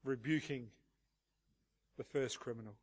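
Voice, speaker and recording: A man's voice: medium pitch, measured pace, husky. A man preaching an expository sermon and asking the congregation rhetorical questions. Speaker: pastor.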